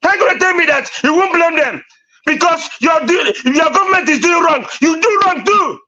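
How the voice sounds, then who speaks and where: Nigerian guy ranting hard on a stream, really high sharp voice, dull lo-fi audio. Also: a little fast. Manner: ranting, insistent, repeats himself. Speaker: panelist on a live stream. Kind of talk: heated debate.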